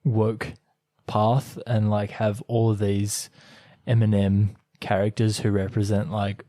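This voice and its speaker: Low, mellow man hedging with "um"s. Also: level tone, takes it slowly, no room sound. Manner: hesitant, frequent "um" and "like", self-deprecating. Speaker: podcast co-host. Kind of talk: casual chat.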